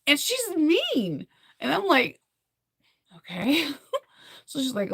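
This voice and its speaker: Chatty woman with a gravelly edge. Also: high-pitched, slow, no echo, clean studio sound. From United States. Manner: rambling, animated storytelling with many fillers and laughs. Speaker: vlogger recapping a film. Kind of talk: casual chat.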